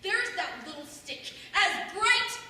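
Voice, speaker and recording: A woman's voice: very high-pitched, lively intonation, slow pace, sharp tone, heavily acted. A young woman acting a wry, bitter middle-aged mother in a stage monologue, telling a story with sardonic humor and mimicking others. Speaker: student actor. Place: school stage in a large hall. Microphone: distant room mic. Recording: echoey hall from far off, faint noise.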